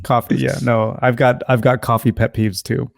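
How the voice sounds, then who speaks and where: A man's voice: mid-range voice, level tone, moderate pace, gravelly, no echo, studio quality. A man who laughs easily, a guest in a casual podcast chat.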